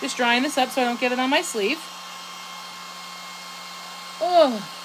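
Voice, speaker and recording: A woman's voice: high voice, unhurried, noisy background. A young woman hosting a casual painting tutorial, chatting and thinking aloud as she works, often poking fun at her own mistakes. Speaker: craft instructor.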